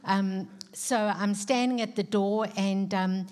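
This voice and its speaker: A middle-aged woman with a South African accent speaks to a church congregation. She tells a personal story earnestly and fills her pauses with soft ums. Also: mid-range voice, steady tone. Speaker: guest speaker and author. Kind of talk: personal testimony in a church service.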